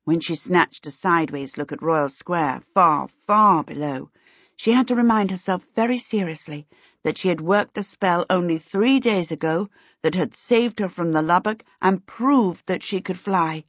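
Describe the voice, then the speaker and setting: Brief: low-voiced woman reading a storybook aloud, husky tone, dry and muffled sound. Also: dry recording. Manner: steady, measured storytelling. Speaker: audiobook narrator. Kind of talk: scripted narration. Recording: dull lo-fi recording, dry.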